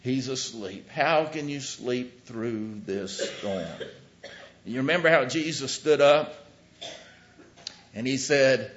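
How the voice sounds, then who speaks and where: A man preaching a sermon, telling the story with sudden swings between loud and hushed. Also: medium pitch, slow pace, pauses often. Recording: dull lo-fi recording.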